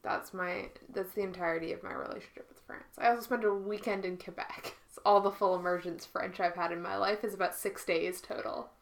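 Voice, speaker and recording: A woman's voice: on the low side, steady tone, fairly quick, gravelly, hardly any pauses. A woman co-hosting a casual chat who tells anecdotes and laughs often along the way. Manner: laughs often while telling stories.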